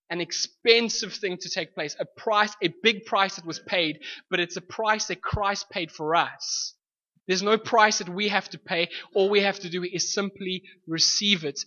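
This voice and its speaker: A man's voice: high-pitched, pushed and bright. A man preaching a sermon in an earnest way, restating his points and coaxing the congregation to answer back. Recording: lo-fi recording with long hall reverb.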